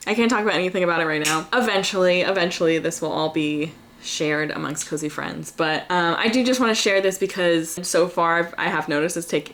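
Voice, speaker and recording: Chatty young woman vlogging at home, lowish voice, earnest and laughy. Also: fairly bright tone. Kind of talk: casual reflective vlog talk. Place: home by an open window.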